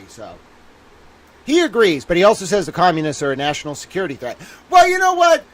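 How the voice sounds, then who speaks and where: A man hosting a livestream, ranting in an exasperated, theatrical way, swearing often and repeating himself. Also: on the high side. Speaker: livestream legal commentator. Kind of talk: solo livestream rant.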